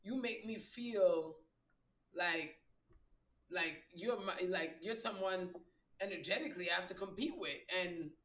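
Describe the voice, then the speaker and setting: A woman hosting a casual spiritual chat, with a strong low voice, talking loud and profane. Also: far from the mic. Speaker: host.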